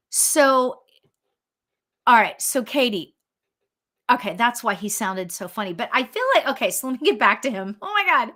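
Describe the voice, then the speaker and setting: A woman working as a medium, giving a chatty, excitable spirit reading full of fillers and restarts. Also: fairly high pitch. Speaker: psychic medium. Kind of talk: live spirit reading for viewers.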